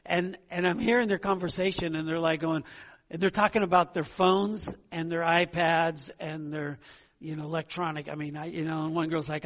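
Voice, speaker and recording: A man's voice: on the high side, little pitch movement, moderate pace, a bit bright. A man pastor preaching a conversational sermon, often asking "right?" and "okay?" to his congregation. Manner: conversational, rhetorical questions, frequent "right?".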